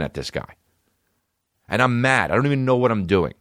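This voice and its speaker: A man in his thirties with a deep, low-pitched voice tells a podcast story in a loose, profane, self-mocking way. His delivery wanders and restarts, and he is recorded close with no room sound. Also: very animated, normal speed, a bit bright, no room sound. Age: 30s. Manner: profane, rambling, self-deprecating. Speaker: podcast host. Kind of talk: casual comedic storytelling.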